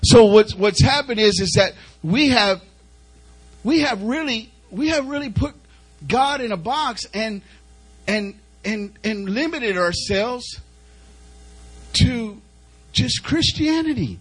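A man's voice: high-pitched, animated, takes it slowly, long pauses, slightly rough, low-quality recording. A male preacher delivering an emphatic sermon, repeating phrases as he urges the congregation on. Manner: emphatic, repetitive, urging the congregation.

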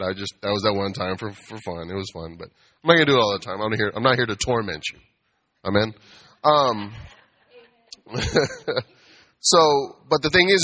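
A man preaching in a relaxed, chatty way, with a bright, forceful tone. He jokes along and slips into little quoted voices to make his points. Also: mid-range voice. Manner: conversational, playful, acts out quoted voices. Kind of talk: casual sermon.

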